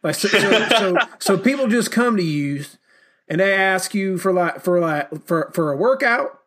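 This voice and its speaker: A bewildered older Southern dad with a Southern US accent , as his son puts him on. He asks halting, puzzled questions in a raised, lively voice. It is a folksy voice with an old-fashioned ring. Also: high voice, voice pushed up, exaggerated voice.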